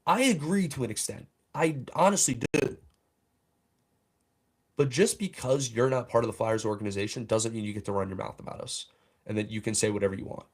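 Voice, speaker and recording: In a brisk, medium-pitched voice, the young man behind a fan podcast rants on his livestream, furious and fired up over a sports analyst.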